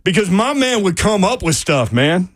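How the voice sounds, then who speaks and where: A man's voice: high-pitched, sing-song, moderate pace, no echo. A man hosting a sports radio show, chatting casually and reading listener messages.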